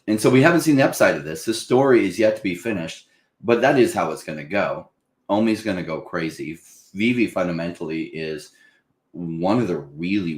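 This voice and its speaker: An echoey space frames this man's casual investing discussion for his crypto channel. His delivery is animated, and he's quick to slip into a higher voice to act out panicking buyers.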